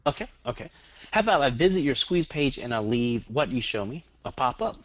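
Middle-aged Southern US man, fast, joking webinar trainer; plain dry, muffled call audio. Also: mid-range voice, very animated, no room sound. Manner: rambling, joking, fast-talking. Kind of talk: online marketing webinar.

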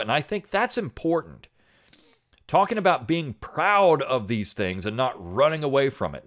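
A middle-aged man with a somewhat low voice hosts a talk podcast. He reads an essay aloud and then talks it over in an earnest, halting way, full of fillers and restarts. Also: fairly bright tone. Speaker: podcast host. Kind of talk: reading an essay aloud, then casual commentary.

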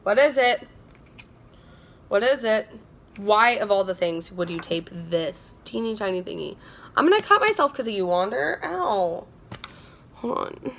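Her voice medium-pitched, expressive, creaky and a bit bright, a young beauty vlogger unboxes products at home at normal speed. Casual and effusive, she keeps repeating herself.

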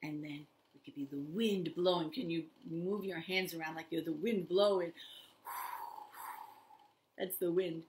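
An older woman leading a toddler story time, talking straight to small children in an animated, sing-song way. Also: fairly low pitch, measured pace, long pauses, a little hiss or hum. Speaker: children's librarian.

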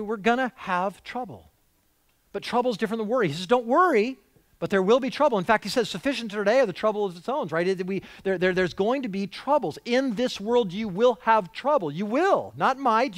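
A middle-aged pastor delivers a sermon with lively energy, voicing the people he quotes and swinging from loud emphasis to near hushes. His voice sits a little high for a man, and the sound is close and dry with hardly any room around it. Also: dry recording. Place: church sanctuary.

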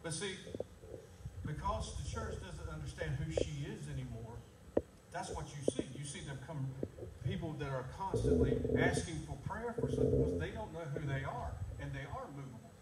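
A man's voice: fairly high pitch, big pitch swings, normal speed. A middle-aged man preaching a sermon, telling a story with emphatic, repeated phrases. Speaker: pastor. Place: church sanctuary. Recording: echoey room, far from mic, loud background noise.

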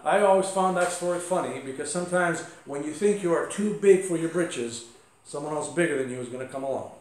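A man's voice: on the high side, a little fast. A male pastor giving a conversational sermon with asides and light humor. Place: church sanctuary. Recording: echoey church sanctuary.

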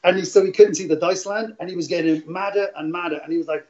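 Middle-aged guy rambling through casino stories, laughing a lot, slightly high voice, dull lo-fi sound. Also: fast. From Wales. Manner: rambling, laughs often, animated retelling. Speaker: guest, casino dealer. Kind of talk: casual interview storytelling. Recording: dull lo-fi audio.

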